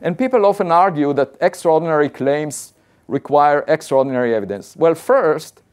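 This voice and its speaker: A man's voice: fairly high pitch, moderate pace, a little mellow, smooth. A man, an astrophysicist, giving a conversational public science talk and building his arguments point by point in a plain-spoken, insistent way.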